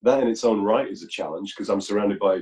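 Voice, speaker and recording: A man being interviewed as a musician over a video call, explaining his views in a reflective, measured way. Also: lowish voice, warm tone, low-quality recording. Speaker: musician guest.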